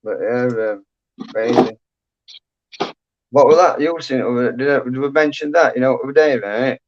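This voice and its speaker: A man's voice: mid-range voice, moderate pace, background noise. Rambling man, chatty. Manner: rambling, chatty, full of fillers. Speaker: livestream host. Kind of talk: casual chat. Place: at home. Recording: dull lo-fi sound.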